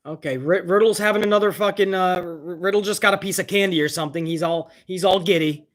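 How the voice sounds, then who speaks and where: A man hosting a live reaction stream, ranting with exasperated profanity over what he is watching. His voice is very high, and it sounds bright and forceful. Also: fast.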